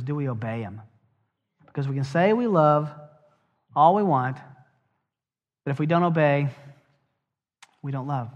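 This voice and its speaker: Middle-aged male pastor, slightly higher voice, conversational sermon with dry jokes, long echo, muffled recording. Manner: conversational, asks the congregation direct questions; wry asides and humor. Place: church sanctuary. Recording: dull, long church reverb.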